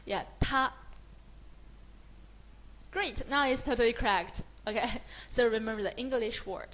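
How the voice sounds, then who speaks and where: Female Mandarin tutor, Chinese accent, higher voice, patient and encouraging, switches between English and Mandarin. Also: a little slow, a bit bright, low-quality recording. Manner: mixes English with Mandarin, praises often. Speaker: Mandarin teacher. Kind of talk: slow, encouraging beginner lesson.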